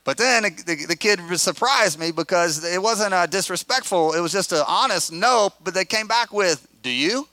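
A middle-aged pastor tells a story to his listeners, animated and conversational, acting out the quotes as he goes. His voice is bright and crisp, fairly high for a man. The sound is dry and close. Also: normal speed, few pauses, no room sound. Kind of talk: storytelling sermon.

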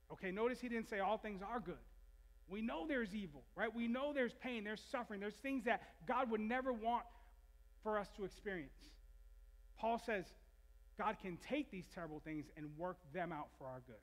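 A man preaches to his church, his voice sitting high for a man. He tells his own story in a candid, confessional way and keeps restarting his sentences. The sound carries a long reverb from the big church hall. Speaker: pastor. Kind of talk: sermon.

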